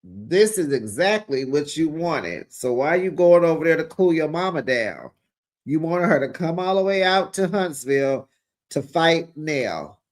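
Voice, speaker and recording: A man giving a sassy, animated recap of a reality show, talking straight to his viewers. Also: on the high side. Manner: acts out the cast's lines in quick bits. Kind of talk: casual recap commentary.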